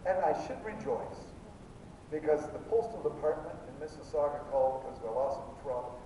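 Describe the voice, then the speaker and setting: An older man preaching a fervent sermon as pastor, swinging between shouts and a soft, confiding storytelling voice. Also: brisk. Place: church sanctuary. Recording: echoey hall from far off, dull sound, faint rumble.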